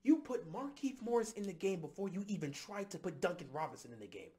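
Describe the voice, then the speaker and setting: A man delivering a heated, exasperated fan rant about his basketball team, breaking into shouts. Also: sits high, sing-song, fast. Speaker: sports commentator.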